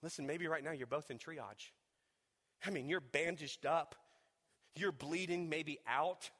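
A high, bright-toned man preaches a sermon in a hall with a long, ringing reverb. He shifts from hushed, low passages to loud, fervent peaks and stumbles over repeated words as he builds. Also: unhurried. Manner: repeats and restarts words when fired up. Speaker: pastor.

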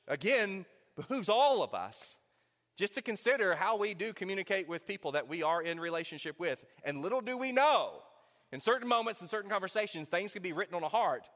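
A man preaches from the pulpit with a high, bright, forward voice. He tells his story warmly and then drops to an intimate near-whisper to land each point, and his words carry a long reverb from a large hall. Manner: storytelling, drops to a quiet intimate hush for emphasis. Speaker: pastor. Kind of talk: sermon.

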